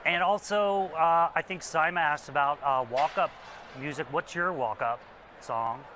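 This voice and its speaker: A man co-anchoring a live event broadcast, relaxed and friendly. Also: on the high side, unhurried, slight background noise. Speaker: studio anchor.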